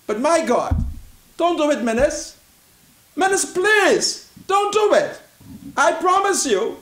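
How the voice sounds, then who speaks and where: A Bahamian man hosting a commentary show, pleading and repeating himself in a preachy way and breaking into shouts. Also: extremely high pitch, reverberant. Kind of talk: impassioned political commentary.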